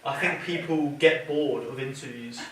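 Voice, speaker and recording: A man's voice: medium pitch, normal speed, a bit bright, slight background noise. A young man giving a classmate advice, often repeating his openings as he thinks. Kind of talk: casual group discussion. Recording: echoey room from far off.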